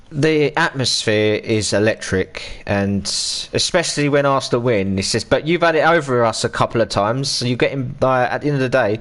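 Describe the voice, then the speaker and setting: A man's voice: mid-range voice, fairly bright tone. An English man in his thirties chatting casually on a live stream while gaming, ranting and swearing freely.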